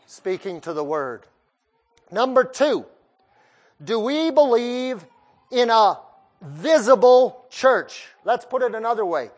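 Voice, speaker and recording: A male preacher delivering a sermon, putting pointed questions straight to his listeners. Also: very high voice. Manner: questions the listeners directly, emphatic.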